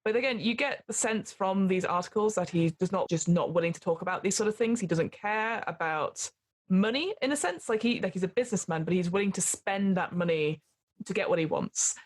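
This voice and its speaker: A woman narrates a tabletop horror game as game master, at a middling pitch. She rambles through her descriptions with plenty of fillers and quick laughs. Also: expressive.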